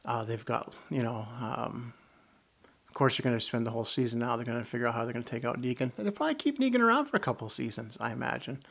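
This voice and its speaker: A man's voice: mid-range voice, lively intonation, fast talker, vocal fry, fairly bright tone. A man giving a casual, rambling review of a TV episode, chuckling as he retells the scenes. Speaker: TV show reviewer. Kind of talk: casual spoken review and rant.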